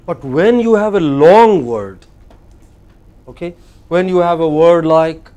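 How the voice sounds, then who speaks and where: A man with an Indian English accent teaching a classroom lecture, slow and deliberate, often putting questions to the class. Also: fairly high pitch, lively intonation, dark tone, dull audio.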